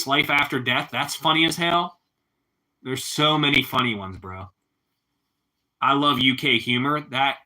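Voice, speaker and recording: A laid-back man talking to his viewers on a livestream. His voice is strikingly bright and sharp, at an ordinary middle pitch. He laughs a lot and keeps tagging his lines with "bro" and "man.". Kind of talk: casual livestream chat with viewers.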